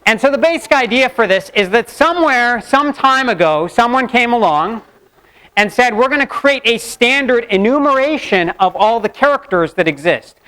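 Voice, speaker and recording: A man teaching a university class in a playful, joking way. His voice sits high for a man. He breaks up the explanation with quick asides and laughs. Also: lively intonation, bright, forceful tone, clear, resonant tone, low-quality recording. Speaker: university lecturer. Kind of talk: classroom lecture. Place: lecture hall.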